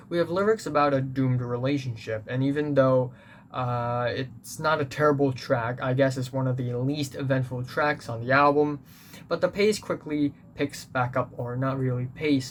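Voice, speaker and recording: A man of middle pitch speaks in a casual, earnest review style, stopping often to hunt for words. A faint hiss of noise sits under his voice. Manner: hesitant, many fillers and restarts, earnest. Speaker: music reviewer. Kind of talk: casual spoken album review.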